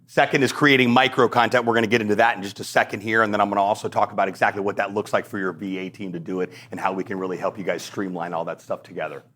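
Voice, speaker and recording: A man hosting his own podcast, giving blunt, energetic, joking advice and acting out little exchanges as he goes. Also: on the low side, very fast, hardly any pauses. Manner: blunt, energetic, jokey, acts out quoted exchanges. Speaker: podcast host and coach. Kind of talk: solo podcast teaching.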